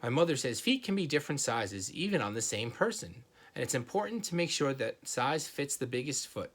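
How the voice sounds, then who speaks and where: A man's voice: medium pitch, sing-song, a little fast, a bit bright. Man reading a children's book aloud. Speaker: reader.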